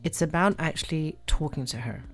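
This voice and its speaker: A woman life coach chatting on a podcast, animated, repeating words and acting out her own self-talk. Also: deep voice, a little fast. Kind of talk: casual podcast chat.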